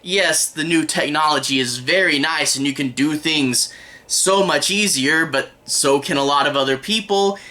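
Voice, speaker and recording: A man's voice: fairly high pitch, moderate pace, sharp tone. A young man giving a casual, rambling spoken review of a TV episode. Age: young adult. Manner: rambling, conversational, with frequent restarts.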